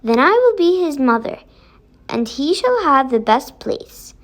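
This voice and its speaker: A woman's voice: sits high, sing-song, a little slow. A woman voicing a sweet, tender, motherly fairy in a read-aloud storybook.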